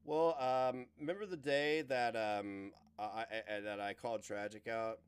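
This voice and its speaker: A man's voice: medium pitch, steady tone, normal speed, smooth, no echo. A man livestreaming, ranting in casual, profane talk as he reacts to clips.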